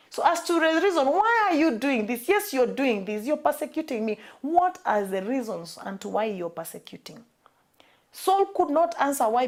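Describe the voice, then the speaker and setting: A woman with a Kenyan accent preaching a sermon, emphatic and repeating her key phrases for weight. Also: a little high.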